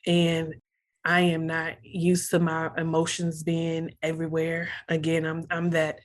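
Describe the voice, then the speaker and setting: Earnest young woman telling her story. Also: low voice. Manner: earnest, emotional, repeats phrases when stirred. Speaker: podcast guest. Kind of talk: candid personal storytelling.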